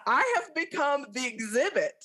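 Speaking at normal speed in a high voice, this Southern-accented woman from the American South tells stories as a guest in a relaxed interview. Her manner is chatty and animated.

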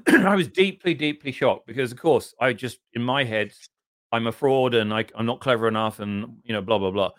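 Smooth-voiced English man telling stories. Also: mid-range voice, moderate pace, fairly bright tone, no room sound, clean studio sound. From southern England. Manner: self-deprecating, rambling anecdotes with frequent throat clearing. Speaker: podcast guest. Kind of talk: casual interview storytelling.

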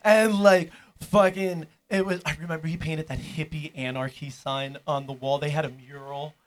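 A man's voice: on the high side, fairly even intonation, moderate pace. A young man telling a rambling, profane story in casual chat with a friend.

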